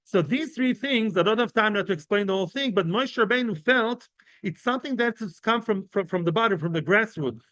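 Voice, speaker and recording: High-voiced man teaching a Talmud class. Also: fairly bright tone, no room sound. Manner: conversational, often asks the listeners "right?" and "yeah?"; explains each term, then tells everyday examples. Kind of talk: informal Talmud lesson. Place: class of men.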